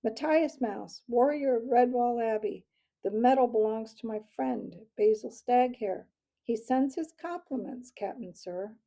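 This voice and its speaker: A woman's voice: on the high side, a little slow, gravelly, dark tone, slightly rough, full character voice. A woman voicing an earnest, breathless young male mouse warrior in a storybook reading.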